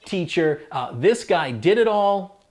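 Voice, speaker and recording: A man narrates a nostalgic countdown in an upbeat, chatty voice that sits a bit high. He tosses in playful asides to the listener, with a light hiss of noise behind him. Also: expressive, takes it slowly, darkish tone. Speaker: host.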